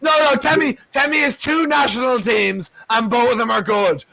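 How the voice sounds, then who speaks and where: A man's voice: very high voice, fairly even intonation, moderate pace, creaky, few pauses, bright, forceful tone, rough recording. A man from Ireland, a regular panelist on a fan show, bantering and laughing in exasperation on a video call. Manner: laughing, exasperated, self-mocking. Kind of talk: casual banter.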